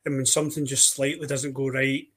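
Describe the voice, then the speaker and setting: A man with a Scottish accent co-hosting a football podcast, telling stories in a dry manner and now and then clearing his throat. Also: medium pitch, a little fast. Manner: dry, even-toned storytelling with throat clearing. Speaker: podcast co-host. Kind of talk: casual football podcast chat.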